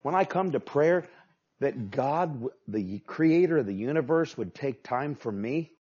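Husky-voiced man preaching a sermon. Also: mid-range voice, expressive, unhurried. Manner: emphatic preaching, swings from hushed to loud. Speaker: pastor. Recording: dull lo-fi sound.

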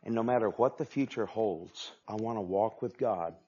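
A male pastor preaching a sermon with emphatic delivery, swinging from hushed asides to loud, forceful passages. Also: fairly low pitch, normal speed, husky. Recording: dull lo-fi sound.

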